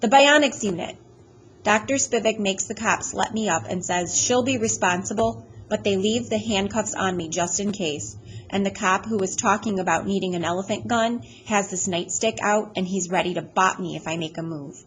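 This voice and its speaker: A woman reading a first-person audiobook chapter aloud in a plain, steady storytelling manner. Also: medium pitch, moderate pace, a little hiss or hum, rough recording. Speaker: audiobook reader.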